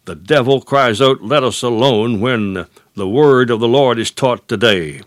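A man preaching a sermon, slow and emphatic, leaning hard on drawn-out words. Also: mid-range voice, animated, no echo, clean studio sound.

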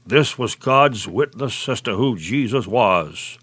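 Man preaching slowly and deliberately. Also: lively intonation, a bit bright, husky, no echo. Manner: measured preaching, slowing and dropping low on key phrases. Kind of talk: sermon.

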